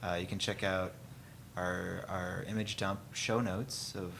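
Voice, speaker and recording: A man with a low voice gives the show's plugs in a dry, joking tone. He sits a good way from the mic, and a clear hiss runs under the home podcast recording. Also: level tone, unhurried. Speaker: podcast co-host. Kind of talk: casual chat. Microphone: sitting far from the mic.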